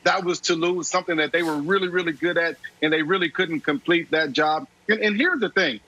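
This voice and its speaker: Brief: ex-player male analyst, high-pitched and emphatic, on a dull remote feed. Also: fairly quick, bright, forceful tone. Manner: emphatic, repeats key phrases. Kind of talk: sports debate commentary.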